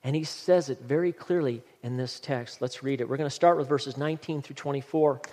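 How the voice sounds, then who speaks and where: A man's voice: medium pitch, a little fast, a little mellow, long reverb tail. A male pastor preaching a sermon in an earnest, emphatic manner, reading scripture aloud.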